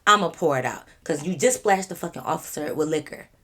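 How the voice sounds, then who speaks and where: A woman's voice: deep voice, expressive, brisk, pushed and bright, heavily acted. A woman voicing a patient but firm male police officer, speaking in a matter-of-fact way.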